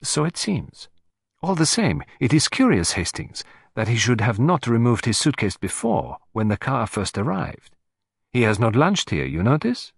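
A man's voice: mid-range voice, big pitch swings, gravelly, slightly rough, dry recording, full character voice. A man voicing Hercule Poirot, pompous and theatrical. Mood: musing. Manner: pompous, playful, dramatic pauses. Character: vain, theatrical older male Belgian detective.

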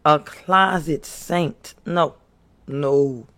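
A man's voice: a little high, very slow, pushed and bright. A man preaching to his viewers with impassioned, earnest exhortation, pleading and repeating himself. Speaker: faith speaker.

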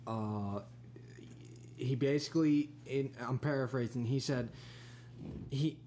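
A rambling, profane man at an ordinary middle pitch, telling a story in casual podcast chat. He trips over his words and keeps restarting. A faint hum sits behind him. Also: darkish tone. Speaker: podcast co-host.

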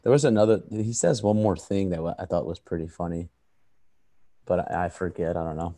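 Low, easygoing guy tossing in unsure asides on a podcast. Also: brisk, warm tone. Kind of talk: casual crude banter.

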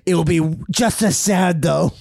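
A young man co-hosting a comedy podcast, playing along with deadpan mock-comfort and crude quips. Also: sits high, a little slow, creaky, dry recording, studio quality. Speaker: podcast co-host. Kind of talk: casual comedic podcast banter.

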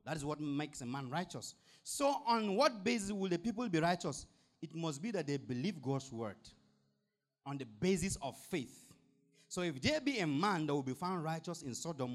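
A male pastor delivers a sermon with a lively, swooping delivery that climbs well above his usual pitch. He reads scripture aloud, then breaks it down with emphatic rhetorical questions and repeated hallelujahs. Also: normal speed.

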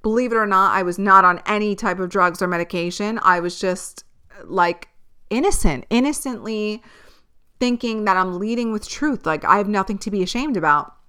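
A woman podcast host tells a personal story in a loose, chatty way, swearing freely and laughing as she goes. Her voice is bright and clear, with a crisp edge. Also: medium pitch, moderate pace. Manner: animated, profane, laughs often.

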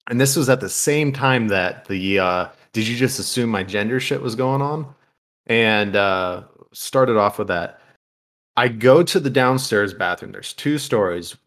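A man's voice: lowish voice, animated, a little slow, fairly bright tone. A man co-hosting a podcast, telling crude, profanity-filled stories in a casual way and laughing as he goes. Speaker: podcast co-host. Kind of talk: casual storytelling.

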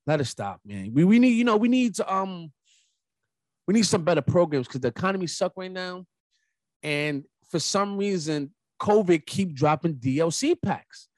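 A young adult man hosting a casual solo podcast, telling rambling, animated stories with emphatic asides. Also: high voice, moderate pace, no room sound. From New York. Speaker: podcast host.

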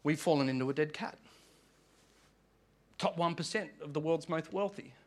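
A man with an Australian accent, preaching a sermon as pastor, with humor and dramatic pauses. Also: a little high.

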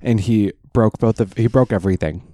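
A man's voice: fairly low pitch, a little fast, dark tone, no echo, studio quality. A man co-hosting a podcast, chatting casually and animatedly, slipping into exaggerated impressions. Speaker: podcast co-host. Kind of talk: casual chat.

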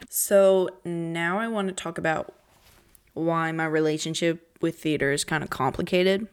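A woman's voice: fairly even intonation, unhurried, clear, resonant tone. Chatty young woman podcast host. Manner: chatty, dramatic, jumps between pitches and whispers. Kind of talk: casual chat.

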